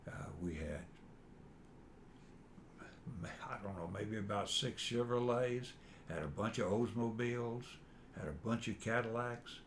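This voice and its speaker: An older man, reminiscing in a halting, rambling way with fillers while his son interviews him. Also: lowish voice, slight background noise. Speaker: father being interviewed. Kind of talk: casual family interview.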